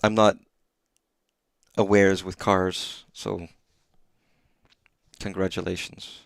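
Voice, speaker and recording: Male streamer, low voice, sleepy and rambling, profane, dry sound. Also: level tone, slow pace, gravelly, no room sound. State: exhausted, sleepy. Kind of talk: live gameplay commentary.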